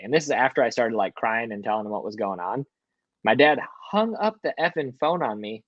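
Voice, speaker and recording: Animated young man telling a story. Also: mid-range voice, brisk, no room sound, highs cut off. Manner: animated, swears, acts out quotes. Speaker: podcast guest. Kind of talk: casual storytelling. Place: hotel room.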